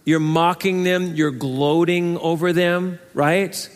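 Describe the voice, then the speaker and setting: A man with a high voice preaches a verse-by-verse sermon in an earnest, conversational way. He puts rhetorical questions to the congregation, and his voice carries a long reverb from the church hall. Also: slow. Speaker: pastor. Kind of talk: expository sermon.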